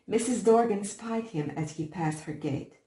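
A woman reading a short story aloud as audiobook narrator, steady and measured. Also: mid-range voice, roomy sound, poor audio. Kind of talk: scripted narration.

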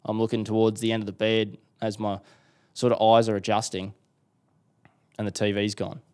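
A young Australian man with a lowish voice tells a personal story at normal speed during a casual interview, where he is the guest. He's an animated storyteller, acting out what people said to him.

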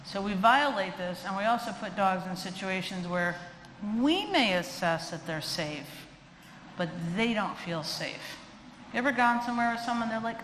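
A woman's voice: medium pitch, normal speed. A middle-aged woman, a dog trainer, giving a lecture with funny stories and acting out quoted voices. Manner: animated, chatty, acts out quoted voices. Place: lecture hall. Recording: echoey hall with faint noise.

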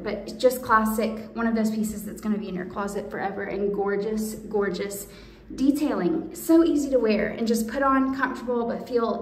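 A woman's voice: medium pitch, distant mic. Gushing woman, echoey room. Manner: gushing, chatty, addresses viewers as y'all. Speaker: clothing try-on host. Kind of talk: casual product try-on video. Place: room indoors.

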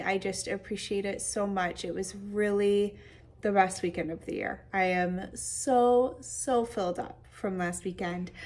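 Tired chatty woman hosting a knitting podcast. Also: mid-range voice. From Michigan. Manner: chatty, warm-hearted, enthusiastic with fillers. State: tired, slightly hazy voice. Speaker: podcast host. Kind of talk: casual knitting podcast, answering questions. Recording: voice a bit distant from the mic.

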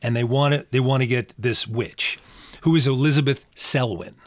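A man's voice: mid-range voice, moderate pace, no room sound. A man co-hosting a podcast, talking eagerly about an old horror film and often restarting his sentences. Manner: enthusiastic, repeats words and restarts often. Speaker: podcast co-host. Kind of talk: casual film discussion. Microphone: podcast microphone.

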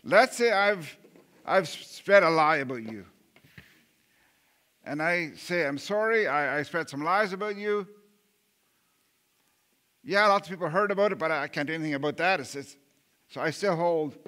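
A man's voice: a little high, lively intonation, moderate pace, pauses often, sharp tone. A male pastor preaching a sermon in an earnest way, often repeating words and restarting, and putting rhetorical questions to the congregation.

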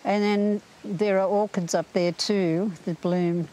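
An older woman talking casually and warmly outdoors in a forest, gentle, heartfelt and enthusiastic. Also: mid-range voice, steady tone, slow pace, slight background noise, poor audio. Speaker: interviewee. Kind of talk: casual conversation.

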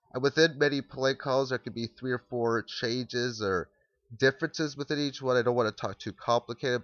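A man's voice: mid-range voice, fairly bright tone, no echo, muffled recording. Man rambling through a football breakdown. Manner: rambling, thinks aloud, restarts sentences while walking through plays. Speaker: amateur football analyst. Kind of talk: casual spoken explainer.

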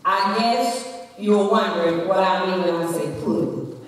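A woman's voice: fairly low pitch, measured pace. A woman giving a women's day sermon in a church, preaching dramatically and emphatically and telling a family story. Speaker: church speaker. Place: church sanctuary. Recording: echoey church hall from far off.

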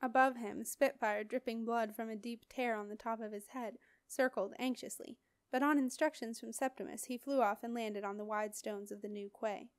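Expressive woman reading an audiobook. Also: fairly high pitch, normal speed, hardly any pauses, dry recording, clean studio sound. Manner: expressive, dramatic storytelling. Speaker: audiobook reader. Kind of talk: audiobook narration.

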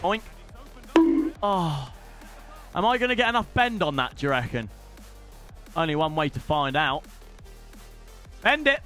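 A young British man commentating live on his own gameplay, excitable and casual, swearing freely and shouting at big moments. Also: a little high, a little slow, long pauses, faint music behind. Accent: British English. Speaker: gaming streamer.

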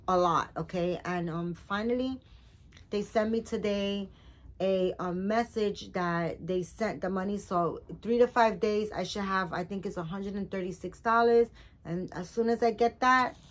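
A middle-aged woman vlogging about her doll collection in a rambling, chatty way, full of fillers, excitable and emotional. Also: medium pitch. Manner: rambling, warm-hearted and chatty, many fillers; excitable, rising loud on some words. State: emotional, recently crying. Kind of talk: casual chat to viewers.

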